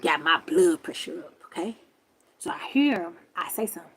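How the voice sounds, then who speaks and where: A woman hosting a livestream, telling a story to her viewers in a loud, profane, exasperated rant from her camper. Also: on the low side, animated, brisk, a little hiss or hum, poor audio. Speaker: livestream host.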